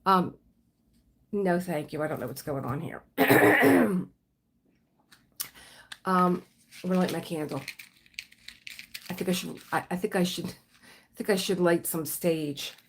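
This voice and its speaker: A woman's voice: lowish voice, animated, slow pace, gravelly, long pauses, a little hiss or hum. A woman hosting a casual livestream, chatting freely and greeting viewers as they come in. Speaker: livestream host.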